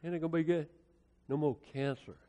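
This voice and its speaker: A fairly high-voiced American preacher man tells sermon stories in a folksy, dramatic way, swinging from hushed lines to loud ones. His voice carries a long hall reverb, as if from a church sanctuary. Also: fairly even intonation, brisk. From United States. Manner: folksy, colloquial, dramatic storytelling with swings in loudness. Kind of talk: storytelling sermon.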